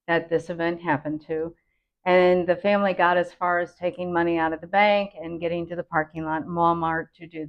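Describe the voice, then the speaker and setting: Woman host, low voice, earnest safety talk, dull lo-fi recording. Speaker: computer consultant hosting a safety announcement.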